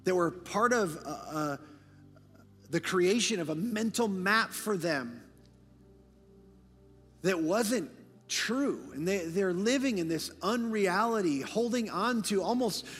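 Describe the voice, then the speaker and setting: High-voiced man preaching in a reverberant hall. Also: animated, slow pace, slightly rough. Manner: impassioned, rising to near-shouting emphasis; drops to hushed, whispered lines for quiet points. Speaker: pastor. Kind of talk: sermon. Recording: long hall reverb, faint music behind.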